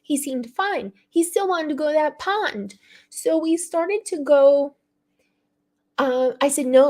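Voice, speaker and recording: A woman hosting a live stream, telling a rambling story with many fillers and throat clearing, tearful and upset. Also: sits high, darkish tone.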